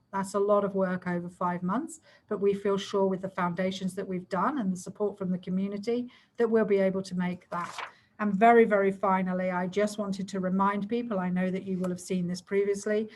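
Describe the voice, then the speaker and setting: Woman briskly presenting a plan to council. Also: mid-range voice, a little mellow, poor audio. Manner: brisk, explanatory, rushed to fit the time. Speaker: community safety plan coordinator. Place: video call.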